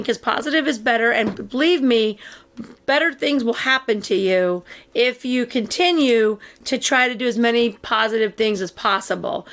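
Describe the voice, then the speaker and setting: A woman co-hosting a laid-back podcast with a voice pitched a bit high. She rambles, restarts her sentences and slips into sarcasm, with laughter never far off. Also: fairly bright tone. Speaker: podcast co-host. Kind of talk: casual podcast chat.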